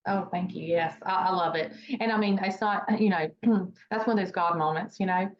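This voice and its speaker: A woman's voice: lowish voice, moderate pace. A woman guest on an interview show, talking casually about her nonprofit, rambling with many fillers and restarts. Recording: dull lo-fi sound with faint noise.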